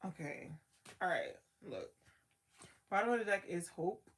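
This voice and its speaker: A woman's voice: lowish voice, lively intonation, measured pace, noisy background. A woman giving a casual tarot card reading as the reader, talking in a loose, slangy way full of "like" and trailing thoughts.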